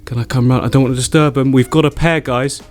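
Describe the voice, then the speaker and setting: Excitable chatty man. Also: mid-range voice, quick pace, soft background music. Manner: excitable, chatty, laughs often. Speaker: aquarium hobbyist vlogger. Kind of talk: excited casual vlog narration.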